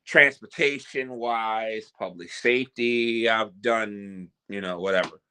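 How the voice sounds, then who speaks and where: Man, vlog host, slow drawn-out speech, joking, rambling, theatrical. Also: lowish voice, bright, forceful tone, smooth. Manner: rambling, joking and self-deprecating, theatrical announcer openings. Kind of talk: casual vlog chat.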